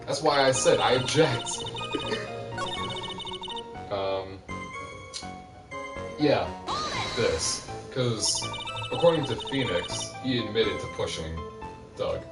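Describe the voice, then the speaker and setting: A male gamer chatting through gameplay, rambling and hesitant, with a voice that rises and falls a lot. He sounds roomy and distant from the mic, with loud game music running behind him. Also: mid-range voice, animated, slow, pauses often. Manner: rambling, hesitant, many fillers. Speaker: gaming video host. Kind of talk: casual gameplay commentary.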